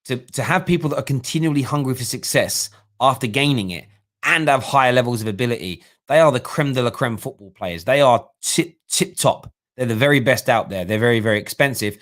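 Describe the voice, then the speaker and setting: A man's voice: mid-range voice, expressive, fairly quick, a bit bright. A man hosting a live-streamed football fan talk show, giving opinionated analysis and thinking aloud with restarts.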